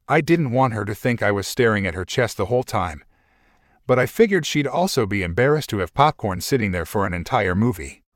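Male narrator, lower voice, wry conversational read, dry close-mic sound. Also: no room sound. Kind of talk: first-person story narration.

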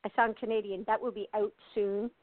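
A woman's voice: mid-range voice, level tone, a little fast, no echo. An older woman from the United States, chatting as an interview guest over a tinny phone line. She talks in easy, winding sentences full of fillers and laughter. The sound is dry and close. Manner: chatty, laughs often, many fillers and restarts. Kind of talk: casual interview chat.

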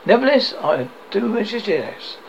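A man's voice: high voice, big pitch swings, moderate pace, gravelly, muffled recording, a little hiss or hum, voice pushed up, heavily acted. A man reading the lines of a worried young man who plays his troubles down, in a storybook reading. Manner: plays things down.

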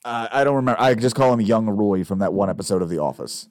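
A young man co-hosts a casual movie podcast, jumping in with animated, profane reactions. His voice sits fairly low. It sounds close-miked and dry. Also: fast, no room sound. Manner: animated, swearing, jumps into mock voices. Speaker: podcast co-host. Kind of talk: casual chat about movies.

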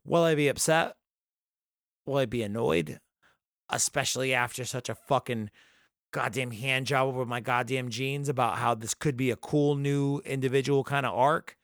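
A man's voice: medium pitch, moderate pace, no room sound, clean studio sound. A man co-hosting a casual podcast, ranting and swearing freely as he vents about a story. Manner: profane, ranting, animated. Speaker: podcast co-host.

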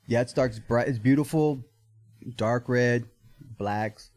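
A man guest on a podcast, easygoing and chatty, with a mellow, darker tone at a middle pitch as he tells his story. He tosses in bro and dude. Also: slow. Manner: laid-back storytelling, says bro and dude. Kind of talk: casual podcast chat.

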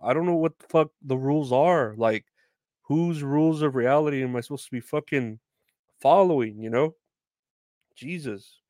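A man's voice: mid-range voice, darkish tone, no room sound. A young man rambles through news headlines in a casual rant, swearing often and making fun of himself. His voice sits in a middle range. The recording is dry and close, with no room sound. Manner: rambling, profane, self-deprecating. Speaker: podcast host.

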